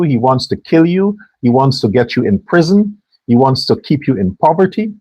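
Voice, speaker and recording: A man holds forth in a sarcastic, preachy political monologue. His husky voice is highly animated, rising and falling widely. The sound is close and dry. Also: no room sound. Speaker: host.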